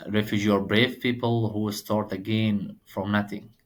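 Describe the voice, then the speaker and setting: Afghan-accented man, low earnest voice. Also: level tone. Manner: earnest, halting second-language English. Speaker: guest. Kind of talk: podcast interview.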